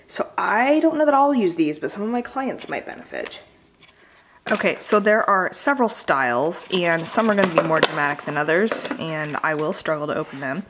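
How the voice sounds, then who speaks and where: A woman's voice: medium pitch, slight background noise. A woman beauty vlogger and makeup artist, chatting casually and enthusiastically as she unboxes products, with plenty of fillers.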